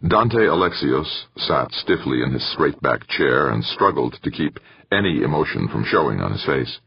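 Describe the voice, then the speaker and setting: Deep, husky male audiobook narrator. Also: normal speed, dry recording. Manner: steady, expressive storytelling. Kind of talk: scripted narration. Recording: dull, dry audiobook recording.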